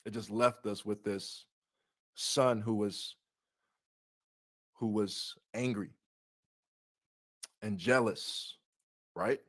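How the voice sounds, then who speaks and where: A man's voice: lowish voice, fairly even intonation, very slow, long pauses, fairly bright tone. Man, bible teacher, reading scripture aloud, rhetorical questions, repeats himself.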